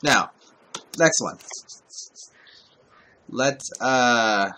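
A man's voice: medium pitch, very slow, pushed and bright. A man giving casual let's-play commentary, talking to himself while he plays and swearing often. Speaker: gameplay commentator.

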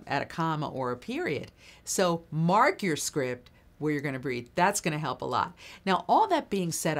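A woman voiceover coach giving brisk, practical tips in an instructional video blog. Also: sits low.

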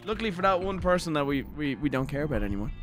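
Young Irish male streamer, profane rambling commentary, bright edgy tone, slightly high pitch. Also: very animated, rapid-fire, soft background music. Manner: profane, laughing, ranting. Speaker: gaming streamer. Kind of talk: casual live-stream commentary.

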